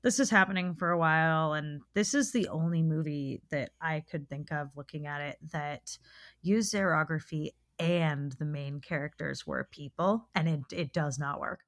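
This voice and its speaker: A woman's voice: low-pitched, moderate pace. A woman co-hosting a casual podcast, talking animatedly, swearing freely and laughing often. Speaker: podcast co-host. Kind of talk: casual chat.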